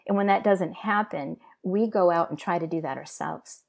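Earnest low woman with a gravelly voice. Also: darkish tone. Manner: earnest, halting with restarts. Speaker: interview guest. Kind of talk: emotional personal testimony.

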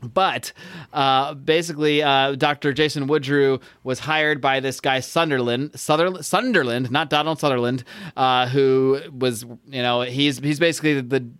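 A man's voice: medium pitch, steady tone, moderate pace, fairly bright tone, smooth, no room sound. An American man co-hosting a podcast, chatting casually and rambling, correcting himself and laughing often. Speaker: podcast co-host. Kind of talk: casual comic book podcast chat.

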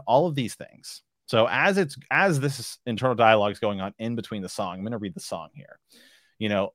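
A man's voice: lowish voice, a little fast, a bit bright, no room sound, studio quality. A man hosting a podcast, chatting casually and reading book passages aloud, rambling with lots of filler phrases. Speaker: podcast host.

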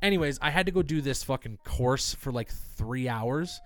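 A young man co-hosting a podcast, telling a story in animated, casual chat, swearing freely and acting out other people's lines. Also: medium pitch, moderate pace. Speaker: podcast co-host.

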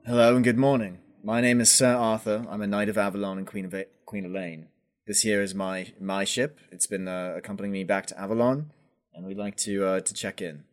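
A man's voice: on the low side, fairly even intonation, a little fast, close to an everyday voice. A man voicing a battered knight who speaks formally and insists on who he is. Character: weary male knight returning home.

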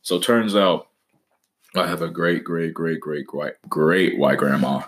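A young man with a deep, low voice, hosting a casual comedic podcast monologue. He swears freely and jokes around, breaking into mock-dramatic outbursts. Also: measured pace. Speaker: podcast host.

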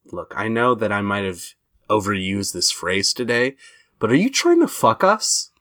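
A man narrating his character in an improvised tabletop role-play, in slow, drawn-out storytelling. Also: on the low side, big pitch swings, sharp tone.

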